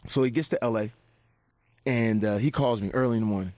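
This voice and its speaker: Guy telling wild stories, animated, laughs a lot, does everybody's lines, curses, dry close mic. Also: medium pitch, fairly quick, no room sound. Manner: animated, acts out other people's lines, swears freely, laughs a lot. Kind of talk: casual anecdotal storytelling.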